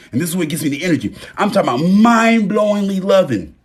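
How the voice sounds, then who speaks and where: A man hosts a casual livestream talk from his phone, animated and profane. He speaks quickly with hardly any pauses, swinging between loud bursts and low murmurs.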